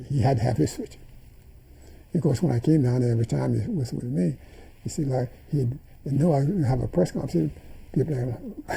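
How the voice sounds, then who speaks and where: A man's voice: a little high, gravelly, warm tone, slightly rough, low-quality recording. An older man in an interview, animatedly retelling events and acting out the dialogue he quotes. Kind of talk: storytelling in an interview.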